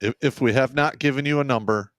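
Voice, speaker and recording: A man's voice: medium pitch, quick pace, no room sound. A man hosting a live show, talking bluntly in casual chat and cursing freely. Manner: profane, blunt, animated storytelling. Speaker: show host.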